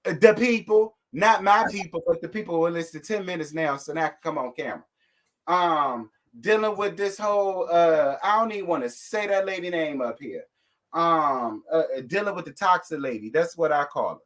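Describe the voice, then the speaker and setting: A man's voice: a little high, expressive, moderate pace, a bit bright. A man, host of a casual live stream, ranting at his audience. He talks with sassy, blunt fire and swears freely. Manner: sassy, fired-up, blunt with cursing.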